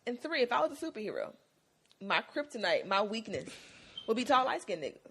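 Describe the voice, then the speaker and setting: A woman co-hosts a casual TV recap. Her pitch swings widely as she tells stories in slang and laughs often. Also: a little fast, creaky, a little hiss or hum. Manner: animated, laughing, slangy storytelling. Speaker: podcast co-host.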